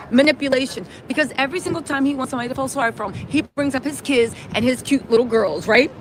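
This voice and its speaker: A woman hosting a casual livestream from a city street, talking fast and emphatic, tagging "right?" onto her points. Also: high voice, slight background noise, rough recording. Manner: chatty, emphatic, many "right?" tags. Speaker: livestream host.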